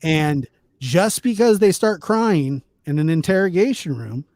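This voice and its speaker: A man hosting a podcast, talking in an indignant, halting way with many restarts. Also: fairly high pitch, animated, darkish tone, dry recording, clean studio sound. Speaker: podcast host. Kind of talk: casual chat.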